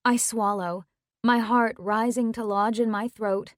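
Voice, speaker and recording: A young woman narrating a romance audiobook in first person, slow and intimate. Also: on the high side, fairly even intonation, dry recording, studio quality.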